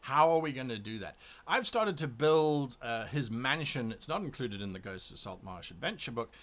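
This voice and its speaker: A man's voice: medium pitch, lively intonation, moderate pace, a bit bright. A man who runs a tabletop game talks casually to camera before a session, thinking aloud as he explains how he prepares. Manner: thinking aloud, explaining his prep methods. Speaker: game master.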